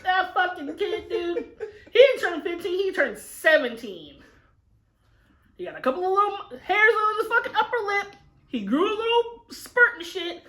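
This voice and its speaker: Young woman, high bright voice, lively swearing storyteller, casual chat. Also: moderate pace. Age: young adult. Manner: animated, profane storytelling with heavy swearing. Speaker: mukbang co-host, daughter.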